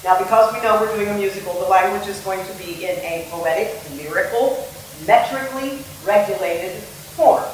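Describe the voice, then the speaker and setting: A woman theatre director with a mid-range voice gives a playful lecture on verse meter, singing and acting out the rhythms as she explains. The mic sits at a distance in an echoey room, with a little hiss or hum.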